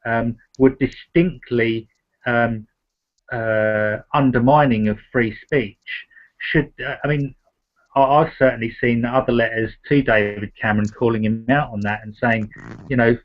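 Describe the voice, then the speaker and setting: A man hosts a talk discussion at a medium pitch. He speaks haltingly, with plenty of ums and restarts. The sound is dull and lo-fi. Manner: halting, many fillers and restarts. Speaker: host. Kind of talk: casual discussion.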